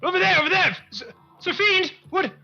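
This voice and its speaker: A man voicing panicked male theater guards who yell frantically at a calm spellcaster. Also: very high-pitched, a little fast, vocal fry, voice pushed up, exaggerated voice. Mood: panicked, shouting. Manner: frantic yelling. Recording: muffled stream audio with music.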